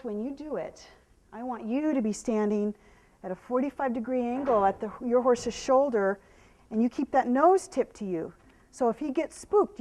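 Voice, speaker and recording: A woman horse trainer giving a live demonstration, explaining to viewers and softly praising the horse, sometimes dropping to a hush. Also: a little high. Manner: drops to a hushed whisper when calming the horse.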